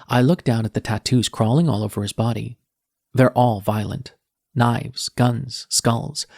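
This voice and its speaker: A man narrating a dark romance audiobook in first person, weary and reflective. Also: medium pitch, vocal fry, slightly rough, no echo, clean studio sound.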